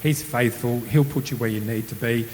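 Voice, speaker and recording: A man telling a personal testimony in a casual, animated storytelling way, acting out quoted voices. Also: medium pitch, moderate pace. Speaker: testimony speaker. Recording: roomy hall with faint hiss.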